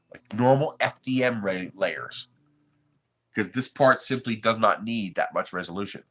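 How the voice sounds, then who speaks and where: A laid-back man from the United States talks through his 3D printing livestream in a casual, chatty way. His voice sits a little low but has a bright, forceful ring, and he chuckles between remarks to his viewers. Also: expressive, a little slow, husky.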